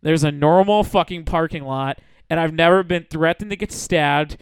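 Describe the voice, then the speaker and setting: Brief: young man, comedy podcast host, smooth slightly high voice, lively storyteller. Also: moderate pace, no echo. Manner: animated storyteller, swears a lot, acts out voices. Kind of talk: casual comedy podcast chat. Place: small studio.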